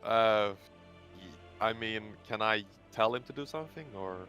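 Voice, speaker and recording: Bright-voiced Swedish man playing tabletop. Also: fairly low pitch, moderate pace, dull audio, faint music behind. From Sweden. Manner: hesitant, asks many rules questions. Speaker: player. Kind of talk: casual tabletop game chat.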